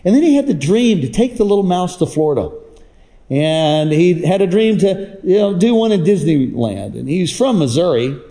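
A man's voice: lively intonation, moderate pace, warm tone. A man preaching a sermon to his church, telling stories and calling on the crowd to respond. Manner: preaching with call-and-response, jumps high in pitch for emphasis. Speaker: pastor. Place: church across several campuses.

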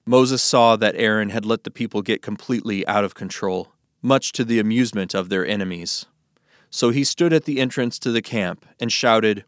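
A man reading scripture aloud in a measured, solemn narration. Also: lowish voice, dry recording, studio quality. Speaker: scripture reader.

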